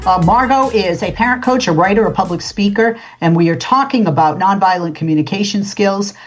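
A woman's voice: medium pitch, fairly quick, soft background music. A woman hosting a talk show, chatting casually with a guest and filling her speech with uh and you know. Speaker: radio talk show host. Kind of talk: casual interview chat. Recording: dull lo-fi sound.

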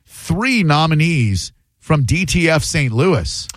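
A man's voice: on the high side, expressive, slow pace, dry recording, clean studio sound. A man hosting a podcast, chatting casually and joking sarcastically. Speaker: podcast host. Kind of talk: casual chat.

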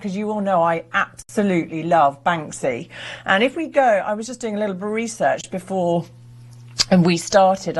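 Upbeat woman art expert on TV. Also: medium pitch. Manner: enthusiastic, upbeat. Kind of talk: live TV auction presenting.

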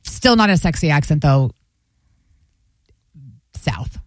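A woman's voice: low-pitched, lively intonation, takes it slowly, dry recording. Dry-voiced female radio co-host. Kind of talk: casual radio banter.

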